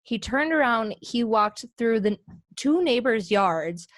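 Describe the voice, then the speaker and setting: A young woman co-hosting a podcast in casual chat, telling stories and acting out others with sudden high voices. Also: animated, slow pace, dry recording. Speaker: podcast co-host.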